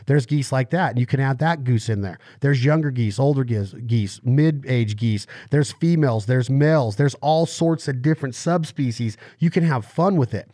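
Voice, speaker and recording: A man hosting a podcast, talking with eager energy and steady mid-range pitch. He leans on analogies and acts out little quotes to make his points. His voice sits close and dry on the mic, with no room sound. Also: moderate pace, few pauses, dry recording. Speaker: podcast host. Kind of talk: explanatory podcast interview.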